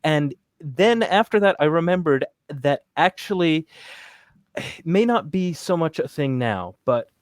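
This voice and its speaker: A man's voice: a little high, animated, unhurried, dry recording, clean studio sound. A man from the New York City area with a New York accent, hosting a podcast in loose, rambling casual chat. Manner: loose and rambling, many "like"s and restarts, reads chat questions. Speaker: podcast host.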